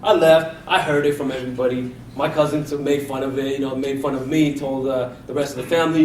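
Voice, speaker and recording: A man's voice: medium pitch, fast talker, few pauses, darkish tone, a little hiss or hum. Man telling a story in an echoey hall. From India. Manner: personal anecdote with acted-out quotes. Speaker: contest speaker. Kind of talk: storytelling speech. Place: hall at a speech contest. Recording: echoey room from a distance, faint ambience.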